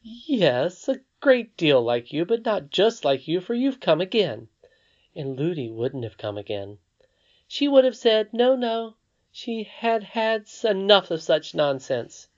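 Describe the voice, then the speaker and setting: A narrator voicing a very old, wise great-great-grandmother, speaking softly and calmly. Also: mid-range voice, unhurried, voice pushed up. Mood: gentle. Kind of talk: audiobook character voice. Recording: slightly dull lo-fi recording.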